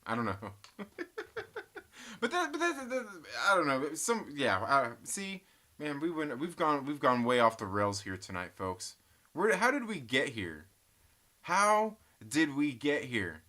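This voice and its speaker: A man's voice: medium pitch, big pitch swings, unhurried, pushed and bright. A man hosting a casual live stream, telling rambling stories full of swearing and frequent laughter, and reading chat comments aloud.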